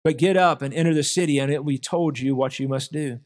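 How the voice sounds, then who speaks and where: A man's voice: a little high, fast talker, a little mellow, long reverb tail. A man preaching an earnest sermon to his congregation, calling them brothers and sisters. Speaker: pastor. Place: church sanctuary.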